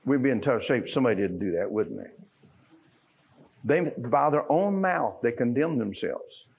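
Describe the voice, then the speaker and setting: A preacher delivers a sermon in a church, talking in a plain, folksy way and then pressing hard on key lines. His voice sits at a middling pitch for a man. The sound is dull and lo-fi. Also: expressive, normal speed, creaky, husky. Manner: folksy and conversational, building to fervent emphasis. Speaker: pastor. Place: church sanctuary.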